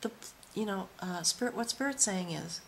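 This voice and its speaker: Female tarot reader, mid-pitched, reverent and awed delivery with whispered asides. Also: moderate pace, creaky, a bit bright, slight background noise. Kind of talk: spoken tarot reading.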